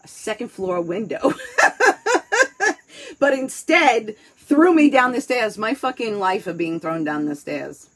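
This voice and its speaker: A woman's voice: medium pitch, big pitch swings, measured pace, slightly rough, poor audio. A woman with a New York accent chatting casually, candid and rambling, swearing freely as she talks. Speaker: host. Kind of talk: casual chat.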